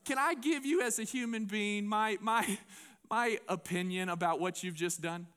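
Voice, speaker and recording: A man voicing an exasperated male disciple who protests to his teacher with rapid, indignant complaints. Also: sits high, fairly bright tone, clear, resonant tone. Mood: pleading.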